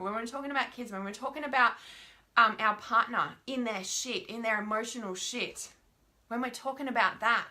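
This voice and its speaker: A young woman giving an informal spiritual teaching talk, frank and animated, swearing often and checking in with her listeners. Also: a little high.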